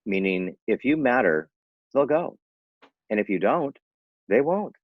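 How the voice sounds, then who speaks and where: A man in his sixties, appearing as an interventionist guest, speaks over a video call in casual interview talk, earnest and persuasive with frequent restarts. His mid-range voice is animated and unhurried, with no room sound and narrow, tinny audio.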